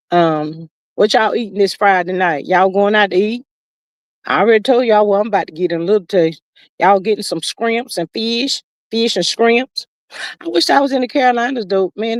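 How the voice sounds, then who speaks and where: A woman's voice: medium pitch, dry recording. An older woman hosting a casual gossip livestream, drawling and calling listeners child and honey. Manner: folksy, drawn-out, calls listeners child and honey. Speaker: livestream host.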